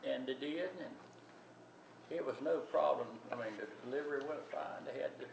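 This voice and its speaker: A man's voice: medium pitch, brisk, vocal fry. An older man telling a family story in a rambling, folksy way with many restarts. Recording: distant echoey recording with loud background noise.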